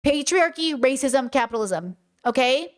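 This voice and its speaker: A woman live-streams her reaction commentary in a high, bright-pitched voice. She argues heatedly with the clip she's watching, swearing and piling up rhetorical questions. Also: lively intonation, moderate pace.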